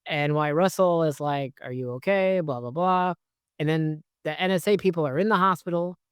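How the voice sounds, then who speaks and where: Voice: medium pitch, normal speed, clean tone, no echo, studio quality. A movie reviewer giving a casual spoiler review, rambling and swearing, full of "like" and "whatever" asides. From based in New York.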